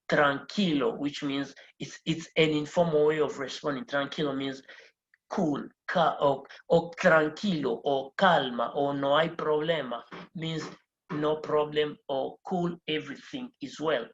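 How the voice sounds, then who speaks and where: A woman teaching a beginner Spanish lesson, patiently repeating key phrases and spelling words out slowly letter by letter. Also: low-pitched, highs cut off. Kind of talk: explanatory lesson.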